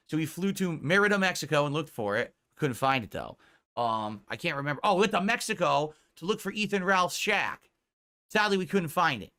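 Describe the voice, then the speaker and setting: A man's voice: on the high side, expressive, a little fast, bright, forceful tone. A man hosting a livestream, ranting heatedly with profanity and mockery. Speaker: streamer host. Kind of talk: livestream rant and chat.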